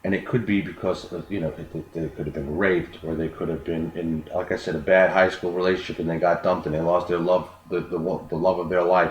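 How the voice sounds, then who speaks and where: A man giving an unscripted self-improvement talk, earnest, often repeating words as he explains. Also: sits low. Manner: earnest, repeats words, acts out quoted dialogue. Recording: echoey room with faint noise.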